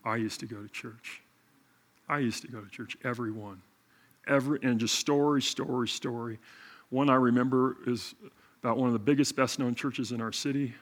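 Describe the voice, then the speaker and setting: A middle-aged male pastor telling a story in a sermon, animated and self-mocking. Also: medium pitch.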